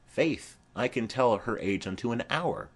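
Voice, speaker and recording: A man's voice: medium pitch, lively intonation, a little slow. A man reading a play aloud, voicing a garrulous, rambling old nurse who fondly chatters on.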